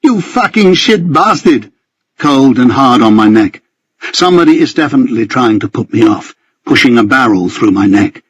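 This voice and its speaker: Husky male audiobook narrator. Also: medium pitch, fairly quick, no room sound. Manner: tense, vivid storytelling. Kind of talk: first-person scripted narration.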